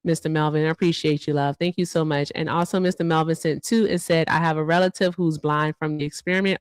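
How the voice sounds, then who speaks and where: A woman's voice: low voice, fairly even intonation, fast talker, few pauses, clear, resonant tone, no room sound. A woman co-hosting a livestream show, chatting casually and reading out viewer thank-yous with asides. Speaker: livestream co-host.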